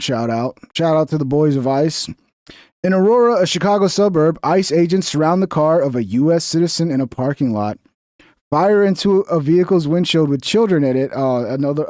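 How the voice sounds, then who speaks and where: A man's voice: on the high side, a little mellow, no room sound, studio quality. A man streaming casual commentary on clips, blunt, profane and mocking as he rants.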